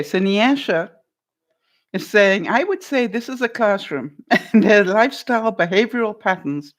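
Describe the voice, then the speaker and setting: An older woman vlogger chatting casually with viewers on a live stream from her home, laughing often and calling people by name. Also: medium pitch. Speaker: vlogger answering live chat.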